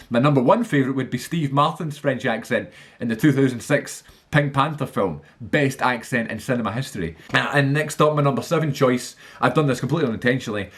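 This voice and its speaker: A man talking casually and eagerly to camera about films, rambling with lots of fillers and restarts. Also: medium pitch. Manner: enthusiastic. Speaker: film vlogger. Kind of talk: casual movie list monologue.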